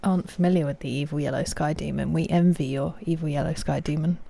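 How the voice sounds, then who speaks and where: A woman's voice: low-pitched, fairly even intonation, fast talker, gravelly, mellow. A woman in her thirties streaming and chatting casually, easygoing and talkative with her dog and her viewers.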